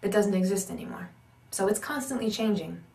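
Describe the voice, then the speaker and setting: Animated woman coaching on accents. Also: mid-range voice, fairly quick, gravelly, distant mic. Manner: animated, emphatic, repeats key points. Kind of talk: instructional talk. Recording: roomy echo, speaker off-mic.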